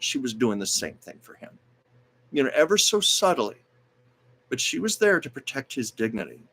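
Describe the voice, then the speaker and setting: A man with a somewhat low voice hosts a casual livestream. He talks in a chatty, digressive way, wandering between stories and viewer comments he reads aloud. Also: fairly bright tone. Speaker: host of a livestream show.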